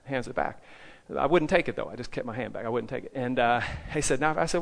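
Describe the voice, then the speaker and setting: A man preaching a sermon, telling personal stories in a lively way and often checking in with the listeners by asking "okay?". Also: medium pitch, fast, gravelly. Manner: animated storytelling, keeps asking "okay?".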